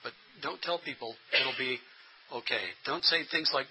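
A man's voice: mid-range voice, moderate pace, bright, forceful tone, slight background noise, poor audio. A middle-aged man giving a workshop lecture to pastors, earnest and plain-spoken, often restarting his sentences. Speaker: instructor training pastors.

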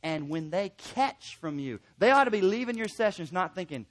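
A man teaching a class of counselors in an animated way, repeating key points for emphasis and acting out quoted remarks. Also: sits high, moderate pace. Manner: emphatic repetition. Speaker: counseling instructor.

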